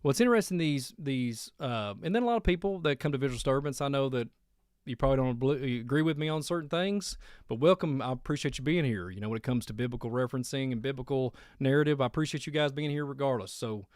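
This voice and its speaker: A man's voice: medium pitch, quick pace, darkish tone, no room sound, clean studio sound. Laughing Kentucky country man. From Kentucky, USA. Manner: rambling, laughs often. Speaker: host. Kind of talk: casual radio-style monologue.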